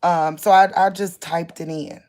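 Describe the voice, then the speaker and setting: A woman's voice: lowish voice, steady tone, a little slow, darkish tone. A woman vlogging late at night while lying down, rambling in disbelief and repeating herself as she talks to her viewers on a phone. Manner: rambling, incredulous, repeats herself, restarts often.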